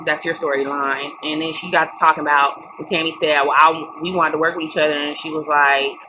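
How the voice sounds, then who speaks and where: Brief: young woman, lower-pitched, blunt and cussing vlogger, recording with steady noise behind. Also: fairly quick. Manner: blunt, profane, emphatic. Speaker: reality TV recap vlogger. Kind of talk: casual opinionated recap. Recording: noticeable background noise.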